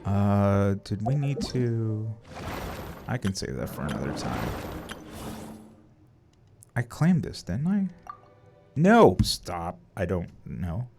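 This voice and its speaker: A young man casually commenting on his live game stream, swearing freely and reacting loudly. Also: on the low side, huge pitch swings, slow pace, vocal fry, long pauses. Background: game music.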